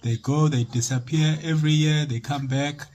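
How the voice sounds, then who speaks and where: Guy pointing stuff out casually, voice a bit high. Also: fairly even intonation, normal speed, a little mellow. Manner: plain, descriptive pointing things out. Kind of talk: casual on-site explanation.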